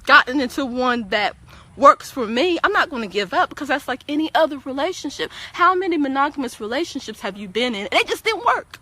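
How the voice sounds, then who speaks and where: A woman speaks on a casual livestream with a bright, forceful voice pitched somewhat high. She lectures her viewers in an emphatic, preachy tone. She often stumbles and repeats a word as she starts a sentence. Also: expressive, a little fast. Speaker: guest on a livestream talk show. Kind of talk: casual opinionated livestream talk.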